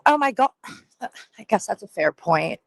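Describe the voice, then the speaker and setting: A woman's voice: mid-range voice, very animated, moderate pace, gravelly, dry recording, rough recording. Shy, laughing woman on the street. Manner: self-conscious, laughing, hesitant. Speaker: contestant on a live show. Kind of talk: live phone call from the street. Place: outdoors on a rainy city street.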